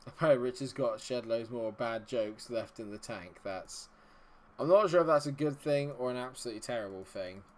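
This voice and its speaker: A young man giving casual, rambling commentary while he plays a football management game, with excitable bursts. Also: mid-range voice, fairly quick. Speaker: gaming video host.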